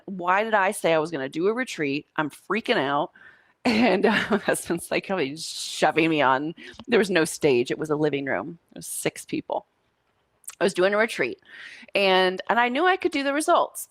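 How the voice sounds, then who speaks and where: A woman's voice: deep voice, fairly bright tone, no echo, studio quality. A woman teaching a coaching class, talking casually and telling stories to her students. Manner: casual, storytelling, says y'all. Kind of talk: live coaching class talk.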